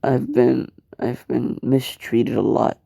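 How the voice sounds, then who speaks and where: Guy voicing a shy teary teen boy, stammery and soft, mellow gravelly voice. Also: mid-range voice, steady tone, takes it slowly, no echo, studio quality, exaggerated voice. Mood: tearful. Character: tearful timid teen boy hiding great power.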